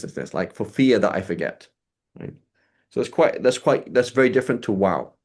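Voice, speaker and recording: A man with a low-set voice teaches grammar to a small group. He works through each point step by step and checks understanding with a quick "right?" after almost every idea. He is heard over a video call. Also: lively intonation. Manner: explanatory, checks in with frequent "right?".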